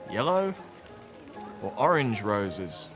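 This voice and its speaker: Gentle Australian man narrating for kids. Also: on the low side, big pitch swings, slow pace, over music. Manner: clear, simple and playful, makes animal and car noises. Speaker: children's TV presenter. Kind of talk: slow, gentle storytelling narration for young children.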